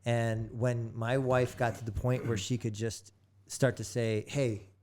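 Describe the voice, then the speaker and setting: Male podcast guest, middle pitch, loose rambling delivery with frequent self-corrections. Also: flat delivery, measured pace, darkish tone. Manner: rambling, many restarts. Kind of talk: casual chat. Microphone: studio microphone.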